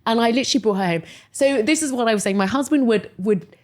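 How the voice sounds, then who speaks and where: A woman in her forties telling a personal story as a podcast guest, chatty and animated, filling her speech with "like" and jumping high when quoting people. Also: fast. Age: 40s. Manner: animated storyteller, many "like"s, voices quotes high. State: emotional, near tears. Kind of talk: casual interview chat.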